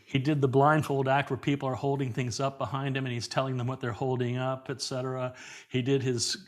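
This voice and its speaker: A man's voice: mid-range voice, little pitch movement, a little fast. A middle-aged man, a guest on an interview show, telling anecdotes with frequent laughs and repeated words. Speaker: guest performer. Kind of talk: conversational storytelling in an interview.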